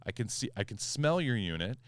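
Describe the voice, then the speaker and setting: A man hosting a podcast, a property manager telling a story in a casual, animated way and acting out the quoted back-and-forth. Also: lowish voice, a little fast, dry recording. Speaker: HOA manager and podcast host.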